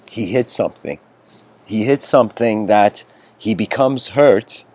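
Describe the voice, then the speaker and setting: A man giving a spiritual lecture, telling a story in a casual, conversational way with frequent asides. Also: lowish voice.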